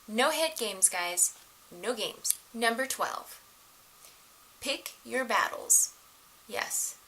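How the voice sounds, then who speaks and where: Bright-voiced, animated middle-aged woman. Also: a little high, drawn-out words, a little hiss or hum, rough recording. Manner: animated, laughs often, acts out quoted voices. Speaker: relationship advice vlogger. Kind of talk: casual advice talk to camera.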